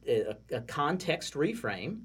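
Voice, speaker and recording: A man's voice: on the high side, big pitch swings, takes it slowly, a bit bright, slightly rough. A man with a Southern US accent, from Texas, explaining ideas in casual podcast chat and often restarting his sentences. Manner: explanatory, stacks restarts when thinking.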